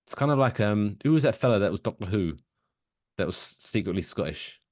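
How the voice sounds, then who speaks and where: A man's voice: on the low side, fairly quick, dry recording, studio quality. A man co-hosting a podcast, chatting casually and telling rambling stories with plenty of swearing. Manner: animated, rambling storyteller who swears. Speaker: podcast co-host. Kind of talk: casual chat.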